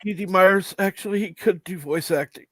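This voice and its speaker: A man's voice: high-pitched, normal speed, a bit bright, no echo. A man co-hosting a podcast, teasing and joking in casual chat.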